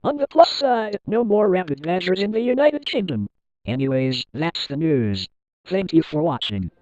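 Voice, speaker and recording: Foul-mouthed news anchor voiced by a man, deadpan delivery, slightly high voice, dry sound. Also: moderate pace, no echo, lo-fi sound. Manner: deadpan reading that bursts into swearing. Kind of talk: parody newscast.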